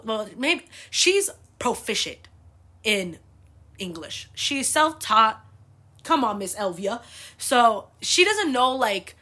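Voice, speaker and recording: Bright-voiced woman telling profane stories. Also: medium pitch. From United States. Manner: animated, profane, laughing. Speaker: podcast host. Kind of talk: casual storytelling.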